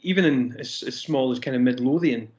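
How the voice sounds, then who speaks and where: A man from the Scottish Highlands with a softened Highland accent, chatting casually and trailing off mid-sentence. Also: fairly quick, lo-fi sound. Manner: easygoing, laughs often, trailing sentences. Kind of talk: casual chat.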